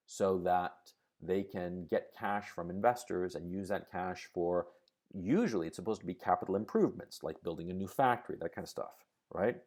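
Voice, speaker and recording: A man hosting a live stream, talking in a fairly low voice that swings widely in pitch. He rants, curses freely and breaks down economics with everyday examples and mocking asides. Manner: profane, ranting, animated explanations with sarcastic mock quotes; checks in with live viewers.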